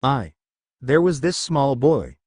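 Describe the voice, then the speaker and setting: A man voicing a remorseful young woman with a thirst for blood, confessing haltingly in his own reading voice. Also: medium pitch, big pitch swings, a little mellow, no echo, studio quality. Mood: ashamed.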